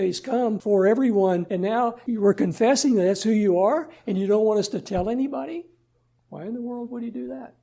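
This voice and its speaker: Gravelly pastor preaching a sermon. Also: male voice, sits high, dark tone. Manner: rhetorical questions, paraphrasing scripture conversationally. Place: church sanctuary.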